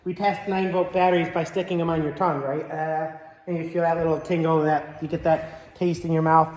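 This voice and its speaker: A man's voice: a little high, little pitch movement, brisk, darkish tone. A man preaching a sermon as pastor, conversational and joking, telling stories about his family. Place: church sanctuary. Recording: echoey church with long reverb.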